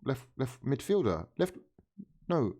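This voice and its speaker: A young man streams live commentary on a football match, swearing freely and begging the players on. His voice sits at a middle pitch and swings widely up and down as he reacts. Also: big pitch swings, slow, mellow, husky. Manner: emotional, swears often, pleads with and scolds players.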